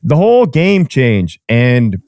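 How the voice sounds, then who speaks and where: A man hosting a podcast in relaxed conversation, his voice moving up and down a lot. He swears casually and laughs often. The sound is dry and close. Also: mid-range voice, slow pace, no room sound. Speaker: podcast host. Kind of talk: casual chat.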